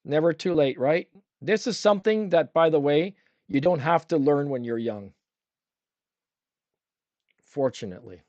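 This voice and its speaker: A man's voice: fairly high pitch, animated, unhurried, long pauses, darkish tone, no room sound. Chatty male painting instructor. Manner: chatty, asks the viewers questions while painting; talks with a brush in his mouth at times. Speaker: art instructor. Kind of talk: livestream painting demo.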